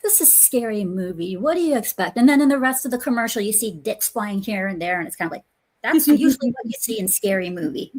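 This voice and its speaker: Woman podcast host, higher pitch, rambling, loose casual delivery over a remote call. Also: lively intonation, fast talker, a little mellow. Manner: rambling, restarts sentences, laughs easily.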